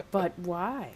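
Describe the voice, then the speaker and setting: A woman teasing the other players with frequent laughs at a tabletop game session. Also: lowish voice.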